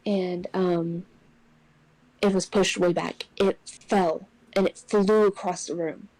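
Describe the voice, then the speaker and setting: Young woman, ghost story, mellow voice, dry close sound, animated retelling. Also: on the low side, takes it slowly, no room sound, low-quality recording. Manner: animated, acts out quotes in raised voice. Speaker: podcast co-host. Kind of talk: casual storytelling.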